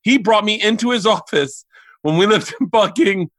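A comedian telling rapid, profane family stories on a podcast and acting out his relatives' voices. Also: sits high, a bit bright, no echo. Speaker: comedian guest. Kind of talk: animated storytelling on a podcast. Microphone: remote call mic.

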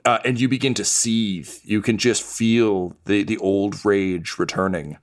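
Brief: male game master, lowish voice, halting, crude, lots of ums. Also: fairly even intonation, slight background noise. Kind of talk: narrating a tabletop game.

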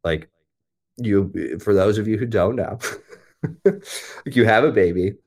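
A man with a very deep, low voice talks through a topic in an easygoing, explanatory way. He leans on fillers as he goes, keeping the chat relaxed and informal. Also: slow pace, slightly rough. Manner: explanatory and conversational, full of "like" fillers. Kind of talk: casual chat.

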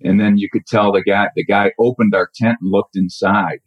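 A middle-aged man telling a personal story in a halting, reflective way with many restarts. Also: on the low side, steady tone, slightly rough, dry recording. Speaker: caller telling a true story. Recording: dull lo-fi audio.

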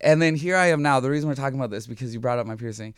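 A man's voice: medium pitch, very fast, clear, resonant tone. A young man from Minnesota, a podcast guest telling stories in a rambling, slangy way full of filler words. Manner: rambling, slangy, lots of "like" and "dude". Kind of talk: casual chat.

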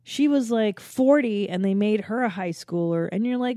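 A woman in her forties hosts a podcast and rambles through a comedic monologue, swearing freely and mocking herself. Her voice sounds mellow and warm. It was recorded close and dry, with no room sound. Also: mid-range voice, animated, moderate pace, no echo. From Los Angeles area. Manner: rambling, profane, self-mocking. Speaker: podcast host.

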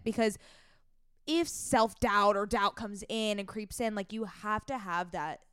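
A woman co-hosting a podcast, answering her guest in an affirming, animated way in a casual chat. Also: medium pitch, smooth, no echo, studio quality. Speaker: podcast co-host.

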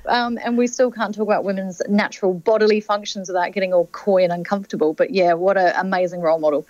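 A woman's voice: medium pitch, fairly even intonation, quick pace, darkish tone, dry recording, dull audio. A woman from England, a panel guest on talk radio, candid and opinionated. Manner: candid, opinionated, laughs easily. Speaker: panel guest, former press secretary.

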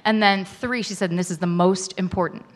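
A woman telling a frank personal story to a live audience, animated and laughing often. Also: on the low side, brisk.

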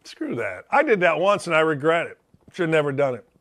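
A man's voice: fairly high pitch, very animated, a little fast, a bit bright. A middle-aged man hosting a sports talk show, delivering a brash, rambling monologue and calling out to chat viewers.

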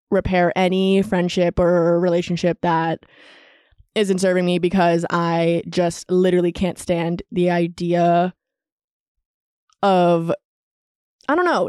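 A woman's voice: medium pitch, a little mellow, dry recording. Young female podcast host, twenties, confessional chatter, dead-dry close mic. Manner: chatty, confessional, lots of "like" fillers. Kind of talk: solo podcast talk.

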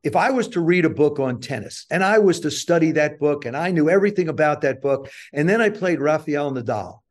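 Animated older man telling a story. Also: on the high side, brisk. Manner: animated, self-deprecating storyteller who acts out quotes. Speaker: guest. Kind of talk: storytelling interview.

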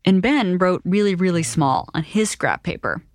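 Lively-voiced woman narrating a documentary story. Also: on the low side, moderate pace, no echo, studio quality. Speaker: reporter and narrator.

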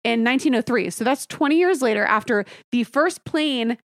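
A woman's voice: on the high side, animated, moderate pace, no room sound, studio quality. A woman in her thirties co-hosting a podcast in casual chat, blunt and opinionated and swearing freely. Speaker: podcast co-host.

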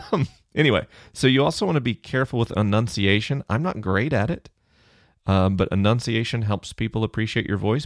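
A man hosting a science Q&A podcast alone in his office, explaining in a relaxed, conversational way into a close microphone. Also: fairly low pitch, vocal fry, no echo. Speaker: podcast host answering listener questions. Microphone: close studio microphone off to the side of the mouth.

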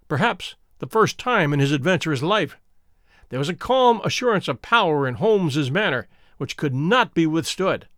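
A man narrating a story as an audiobook in a dramatic, expressive reading style. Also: on the high side, dry recording, studio quality.

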